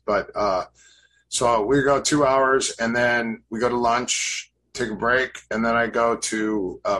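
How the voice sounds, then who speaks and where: A man in his fifties tells long stories in a somewhat low voice, drifting through fillers and restarts as he reminisces. A faint hum of ambience sits behind him. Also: a bit bright, poor audio. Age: 50s. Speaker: podcast guest, grappling coach. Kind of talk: casual interview storytelling.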